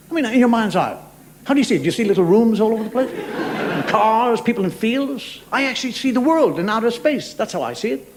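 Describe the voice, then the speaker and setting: A man's voice: very high-pitched, animated, fairly quick. A middle-aged man doing a stand-up comedy monologue on a TV stage, telling wry stories with bursts of mock outrage. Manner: wry storytelling with mock outrage, acts out voices. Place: TV studio stage before a live audience. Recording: noisy live TV recording with loud crowd. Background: audience laughter.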